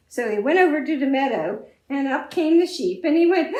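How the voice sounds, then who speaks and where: A woman librarian telling a story to young children, her high voice rising and falling in lively leaps. She takes her time over each line, and the room around her gives back a clear echo. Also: a little fast, hardly any pauses. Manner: expressive, addressing children. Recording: echoey room.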